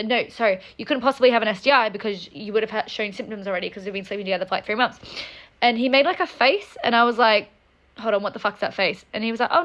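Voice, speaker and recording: A young woman telling a story time, fuming and upset, talking fast with lots of "like" and swearing. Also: fairly high pitch, a bit bright, highs cut off. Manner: angry, fast, swears a lot, many "like"s. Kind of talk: casual storytime rant.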